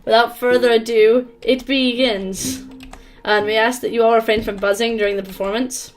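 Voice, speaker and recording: A woman's voice: fairly high pitch, steady tone, normal speed, faint music behind, lightly acted. Woman doing an eager bee theatre announcer. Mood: welcoming. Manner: bright, formal welcome.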